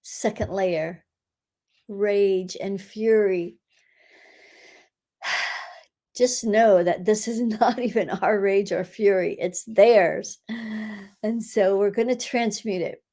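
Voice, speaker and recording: Slow-talking woman guiding an energy clearing. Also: medium pitch. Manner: unhurried, giggly, frequent soft laughs. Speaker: energy healer hosting a live session. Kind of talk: guided energy-clearing meditation.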